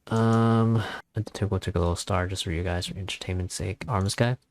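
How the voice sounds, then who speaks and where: Slow, gravelly low-voiced man. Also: fairly even intonation, no room sound. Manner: rambling, offhand, self-deprecating. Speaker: tutorial host. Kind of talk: casual screen-recording tutorial.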